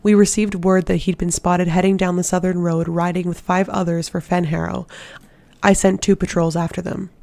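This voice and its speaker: Audiobook narrator, fantasy novel reading, gravelly voice, flat delivery, dry close sound. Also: medium pitch, no room sound. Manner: steady, measured narration.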